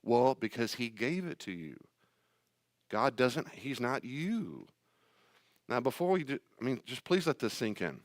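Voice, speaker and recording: A man's voice: mid-range voice, sing-song, unhurried, no room sound, clean studio sound. A man preaching as a pastor in an emphatic teaching style, firing off rhetorical questions. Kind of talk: sermon-style teaching talk.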